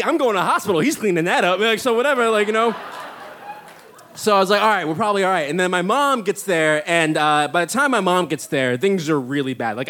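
A man, telling a rambling comic story full of likes and uhs. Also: fairly high pitch. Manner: rambling, many likes and uhs, animated when excited. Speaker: stand-up comedian and storyteller. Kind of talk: storytelling monologue.

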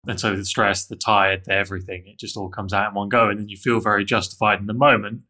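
A man's voice: on the low side, level tone, fast talker, pushed and bright. A man telling a candid, self-critical personal story in an interview, with frequent restarts.

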